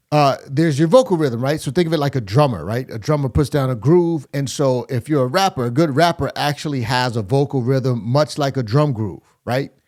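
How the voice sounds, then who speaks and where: A man's voice: mid-range voice, a little mellow. A man hosting a music reaction video, chatting casually as he breaks down rap lyrics and scats rhythms to explain them. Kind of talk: casual rap critique commentary.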